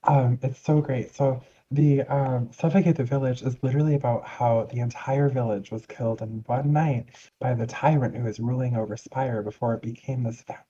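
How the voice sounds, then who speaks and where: A man's voice: mid-range voice, warm tone, husky, muffled recording, lightly acted. A man putting on a gushing, syrupy guild lady. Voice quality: fawning and chatty, drawn-out syrupy phrasing. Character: gushing, sweet-talking female guild member.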